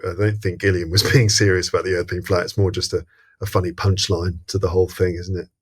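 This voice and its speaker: A man co-hosting a casual film podcast with a fairly low voice. He works through his opinions thoughtfully, pausing often with fillers and restarts. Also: little pitch movement, husky. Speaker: podcast co-host.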